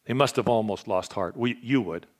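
A man preaching a sermon as a missionary, earnest and given to restarts, dropping to a hush and rising loud. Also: lowish voice, moderate pace. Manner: earnest, swings from hushed to loud; restarts and repeats words.

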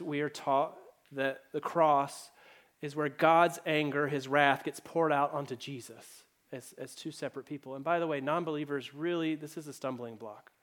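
A man delivers a church sermon in a slightly high voice. He tells stories in an easy, conversational way and briefly voices the characters as he goes. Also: a bit bright. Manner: conversational storytelling preacher, acts out quoted voices. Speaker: pastor.

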